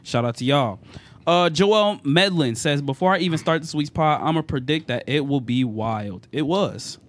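A man's voice: on the high side, lively intonation, moderate pace. A young man hosting a podcast, talking casually and leaning on fillers. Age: young adult. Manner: laid-back, many fillers, laughs along. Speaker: podcast host. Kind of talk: casual group chat.

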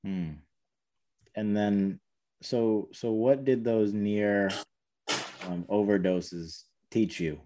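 A man hosting a podcast, asking halting, hesitant questions. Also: lowish voice, steady tone, dark tone, slight background noise. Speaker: podcast host. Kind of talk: interview questions.

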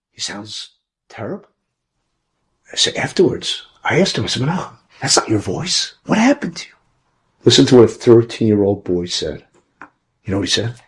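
A man who is a rabbi, telling an inspirational story in a conversational way, moving between emphatic bursts and hushed asides. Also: medium pitch.

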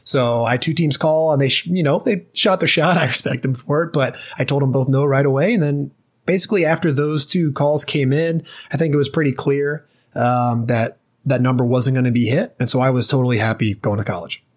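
A man's voice: mid-range voice, a little fast. Late-20s male guest, casual storyteller, full of fillers and restarts. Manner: loose, chatty, many fillers and restarts. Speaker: former ballplayer guest.

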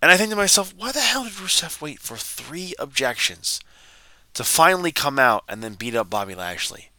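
A man's voice: fairly high pitch, big pitch swings, moderate pace, bright, forceful tone, dry recording. A man hosting a podcast, retelling a wrestling segment in a rambling, exasperated way with frequent restarts. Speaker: podcast host. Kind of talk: casual wrestling recap.

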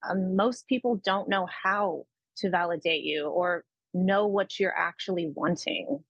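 Woman co-host, kinda low voice, frank and sweary, dry muffled sound. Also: measured pace, creaky, dry recording. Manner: frank, sweary, upbeat storytelling. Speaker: podcast co-host. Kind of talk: casual podcast chat.

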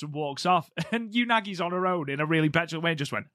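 A man's voice: fairly high pitch, fast, sharp tone, no echo, studio quality. A man co-hosting a podcast, chatting casually and enthusiastically with frequent fillers. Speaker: podcast co-host.

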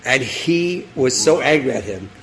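A rabbi telling a story in a sermon, animated, acting out voices and dropping in Hebrew terms. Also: male voice, medium pitch, unhurried, a crowd in the background, rough recording. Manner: animated storyteller, acts out characters, laughs; sprinkles Hebrew and Yiddish terms.

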